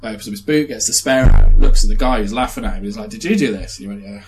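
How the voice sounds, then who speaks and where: A man's voice: on the low side, quick pace, noisy background. Young man telling a sweary story. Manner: animated storytelling with swearing and laughs. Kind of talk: casual chat.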